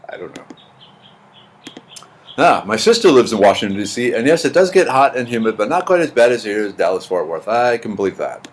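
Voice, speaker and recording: This live stream host has a medium-pitched, sing-song voice and speaks a little fast. At home, he chats casually, welcoming viewers by name and wandering through dry jokes while reading chat into his computer's built-in microphone rather than his regular one.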